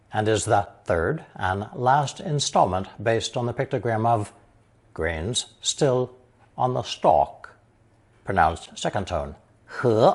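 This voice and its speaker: A man narrating a scripted language lesson, explaining slowly and carefully and reading example sentences aloud. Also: medium pitch. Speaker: language teacher.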